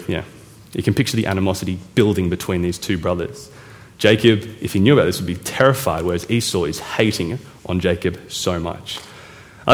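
A man preaching a casual sermon, retelling a Bible story in a chatty way and correcting himself as he goes. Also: on the low side. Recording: echoey hall reverb.

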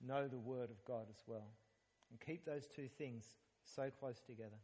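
A man's voice: a little high, long reverb tail. A man preaching a sermon in a conversational, humorous way, asking his listeners questions. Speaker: pastor. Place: church hall.

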